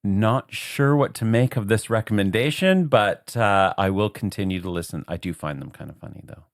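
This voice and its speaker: A woman's voice: very deep voice, lively intonation, moderate pace, no room sound, studio quality. A woman co-hosting a podcast in easygoing casual chat, laughing often and chiming in with short agreements. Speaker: podcast co-host.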